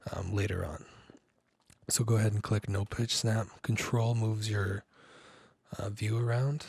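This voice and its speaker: A man with a husky, gravelly low voice talks through a music production tutorial in a loose, rambling way. His delivery stays fairly flat, and the recording is dry and close with no room sound. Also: measured pace, pauses often, dry recording. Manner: relaxed, rambling, frequent ums and likes. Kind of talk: casual screen-recorded tutorial.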